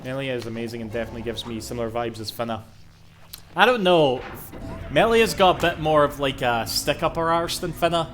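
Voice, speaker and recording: A man's voice: medium pitch, animated, brisk, a bit bright, soft background music. A young man chatting casually while streaming a game, rambling, swearing and laughing often. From Scotland. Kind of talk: casual live-stream chat.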